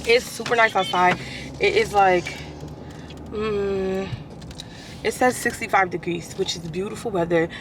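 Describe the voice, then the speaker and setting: A woman's voice: mid-range voice, fairly even intonation, a little slow, pauses often, background noise. A woman vlogging in casual, rambling chat full of fillers, sounding stuffy from allergies. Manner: chatty, rambling, with many fillers.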